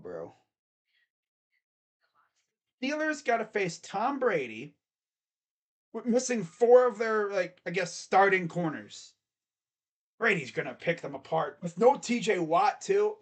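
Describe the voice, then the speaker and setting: A man giving casual live play-by-play reaction to a baseball game, talking in an excitable, rambling way as a fan. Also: on the high side.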